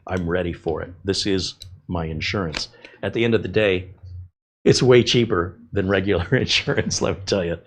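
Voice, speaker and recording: Low-voiced man chatting while building. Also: normal speed, breathy edge. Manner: rambling, conversational, with fillers and tangents. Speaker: tech YouTuber building a PC. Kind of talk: casual chat while working.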